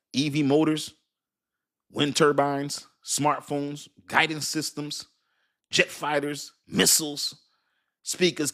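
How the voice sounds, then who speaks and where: A middle-aged man chatting casually on a livestream, animated, laughing often and cursing as he mocks a commenter. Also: on the high side. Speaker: crypto livestream host.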